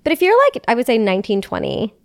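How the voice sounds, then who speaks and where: A woman's voice: fairly high pitch, huge pitch swings, fast, creaky, no room sound. A woman in her twenties hosting a podcast, chatting casually with lots of fillers and laughter. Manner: chatty, giggly, lots of likes. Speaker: podcast host. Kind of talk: casual chat.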